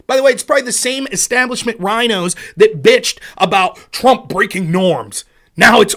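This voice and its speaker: A man's voice: high-pitched, fairly quick, fairly bright tone. A man hosting a political commentary show, ranting in an angry, sarcastic and profane way.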